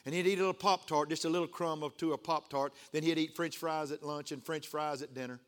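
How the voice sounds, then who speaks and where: An older male pastor preaching a sermon, emotional and building to excited outbursts. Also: on the high side, fast talker, clear, resonant tone.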